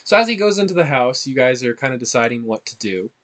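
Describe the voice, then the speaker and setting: A man narrating a tabletop game as game master, animated and halting. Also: medium pitch.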